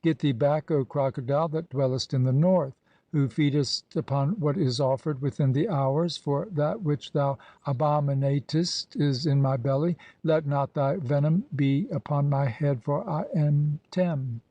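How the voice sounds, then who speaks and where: A male audiobook reader delivers old scripture in a measured, solemn cadence. His voice sits a little high yet sounds mellow and dark. The recording is dry, with no room around it. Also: no room sound, dull audio. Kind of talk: scripted narration of an ancient religious text.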